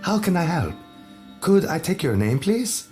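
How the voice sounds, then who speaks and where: A cheerful young Mexican receptionist, put on by a male narrator, greets with a high, bright woman's voice and a faint Mexican accent. She stays polite and breezy, and music plays softly beneath her. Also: sing-song, measured pace.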